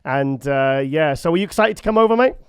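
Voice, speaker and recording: Smooth-voiced man hosting. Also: on the high side, expressive, a little fast, no echo, clean studio sound. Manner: chatty, laughs easily. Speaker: host. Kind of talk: casual chat.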